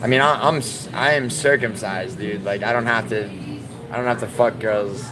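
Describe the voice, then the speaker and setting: A man's voice: on the low side, moderate pace, crowd noise. A man hosting a livestream, talking in a crude, profane and rambling way, mocking his chat. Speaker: livestream host.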